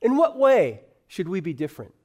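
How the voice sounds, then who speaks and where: High-voiced pastor preaching. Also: male voice, sing-song, darkish tone. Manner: earnest preaching with slow emphatic phrasing. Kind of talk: sermon.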